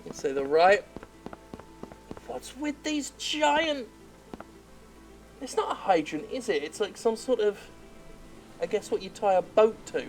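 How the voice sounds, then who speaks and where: A woman's voice: mid-range voice, lively intonation, a little slow, long pauses, soft background music, low-quality recording. A woman game critic giving sarcastic, profane commentary while playing. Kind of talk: sarcastic let's-play commentary.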